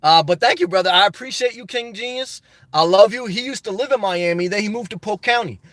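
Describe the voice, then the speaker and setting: High-voiced man chatting on a livestream. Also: a little fast, fairly bright tone, dry recording. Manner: chatty, reads viewer comments aloud and riffs on them. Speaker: YouTube channel host reading live chat. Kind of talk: casual livestream chat.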